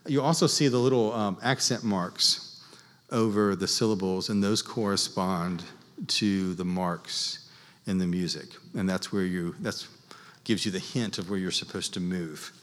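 A man teaching church music to a class, explaining in an unhurried, halting way with many fillers. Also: low-pitched. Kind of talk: class lecture leading group chant. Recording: long reverb in a large hall.

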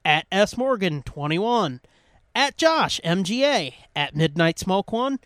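A man's voice: high voice, big pitch swings, slow pace, a bit bright, clear, resonant tone, no room sound, clean studio sound. A man co-hosting a podcast in casual chat, swearing freely and rambling. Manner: profane, rambling, reads sponsor list. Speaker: podcast co-host.

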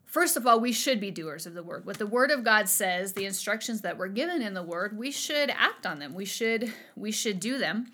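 A woman in her thirties leads a relaxed livestream Bible study with a bright, forward voice. She is chatty and bubbly, wanders off on little tangents and laughs at herself before coming back to the point. Her pitch sits in the middle for a woman. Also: fairly quick, few pauses. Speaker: Bible teacher. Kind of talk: casual livestream Bible teaching.

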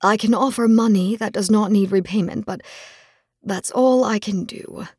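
A woman voicing a breathy, wry young nobleman. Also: medium pitch, moderate pace, a little mellow, dry recording, clean studio sound, natural voice. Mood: gentle. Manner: easygoing, wry, teasing.

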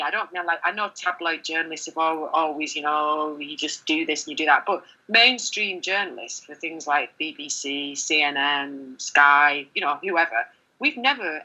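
Middle-aged woman journalist talking frankly, kinda husky, lotsa ums and restarts. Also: sits low, lo-fi sound. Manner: candid and animated, many fillers and restarts. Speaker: journalist, interview guest. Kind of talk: conversational interview.

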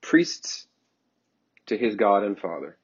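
Fervent preacher man, husky and low. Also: normal speed. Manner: fervent and emphatic, with repeated phrases and frequent ums. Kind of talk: sermon. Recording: dull lo-fi sermon recording.

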